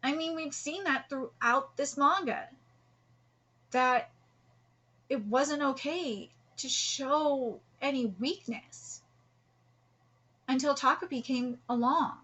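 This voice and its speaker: Woman host, high bright voice, earnest live reaction commentary with restarts. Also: slow pace, long pauses, rough recording. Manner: earnest, heartfelt, rambling with restarts. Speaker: host reacting to a manga chapter.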